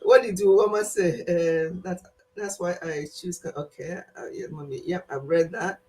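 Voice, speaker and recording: A woman's voice: on the low side, measured pace. A woman, old enough to be her viewers' mother, chatting casually with her live-stream viewers, laughing often and acting out the people she quotes. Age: older. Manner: animated, laughs often, quotes others in voices.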